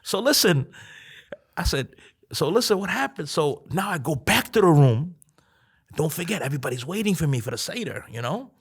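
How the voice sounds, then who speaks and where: Gravelly, husky man telling a lively story. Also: fairly high pitch, a little fast. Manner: drops to a hushed whisper for quoted lines; laughs through the telling. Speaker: podcast guest. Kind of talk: animated storytelling.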